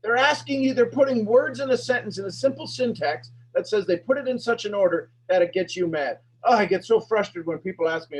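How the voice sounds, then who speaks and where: A man coaching a sales master class, firing emphatic, repetitive questions at his audience and pushing his voice up toward a shout. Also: high voice, expressive, fairly quick, hardly any pauses, husky, low-quality recording. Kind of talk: animated teaching talk to an online audience.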